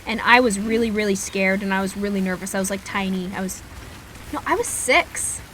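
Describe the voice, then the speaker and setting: A woman's voice: medium pitch, brisk, fairly bright tone, slight background noise. A woman in her twenties, a streamer, telling a story in a rambling, casual way, swearing freely and laughing at herself. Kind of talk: casual storytelling while gaming.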